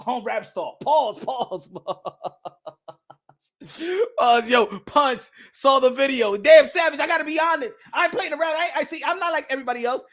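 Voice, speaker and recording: A man hosting a boxing channel in casual reaction commentary, excitable and profane, laughing often and repeating himself. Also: very high voice, normal speed. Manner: repeats himself, bursts into yelps.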